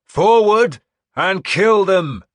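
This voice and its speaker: A man's voice: high-pitched, takes it slowly, pushed and bright, no room sound, voice pushed up, exaggerated voice. A male narrator voicing a battle-hardened warlord who bellows war cries at his men. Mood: bellowing.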